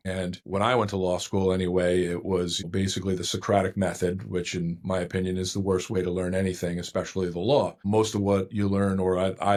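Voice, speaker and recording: Deep-voiced rambling middle-aged lawyer. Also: male voice, darkish tone. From United States. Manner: rambling, self-correcting, thoughtful. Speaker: divorce attorney guest. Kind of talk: conversational podcast interview.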